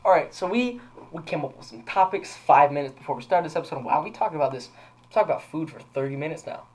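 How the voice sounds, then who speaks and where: A man's voice: on the high side, lively intonation, fast, rough recording. A young man co-hosting a podcast, telling a story in rambling casual chat with lots of fillers and restarts. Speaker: podcast co-host.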